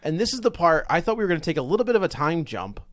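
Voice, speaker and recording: A man's voice: a little high, sing-song, very fast, no room sound. A man hosting a casual movie podcast, walking through the plot step by step with plenty of fillers. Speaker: podcast host recapping the plot. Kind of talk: casual movie review chat.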